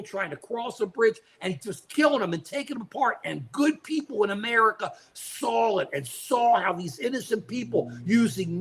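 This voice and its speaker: Outraged, high-voiced older man ranting. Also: fairly bright tone. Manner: outraged, emphatic, repeats phrases, addresses co-host by name. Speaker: political talk show co-host. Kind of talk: impassioned political commentary.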